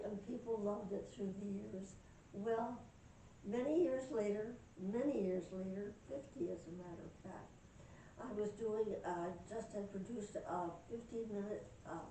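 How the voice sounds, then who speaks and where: Older woman, reminiscing storyteller, distant echoey recording with faint noise. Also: medium pitch. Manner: warm reminiscing, emotional, chatty. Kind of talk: personal storytelling to camera.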